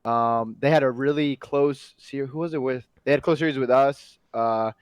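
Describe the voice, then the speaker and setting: A man's voice: mid-range voice, steady tone, moderate pace, smooth, no room sound. A man co-hosting an esports podcast in casual chat, talking in a loose, rambling way.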